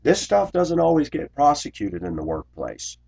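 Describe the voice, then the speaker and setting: A man who drives a school bus, telling a workplace grievance story in an indignant, complaining way, clearing his throat often. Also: fairly high pitch, wildly swooping pitch, moderate pace, darkish tone. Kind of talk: ranting personal storytelling vlog.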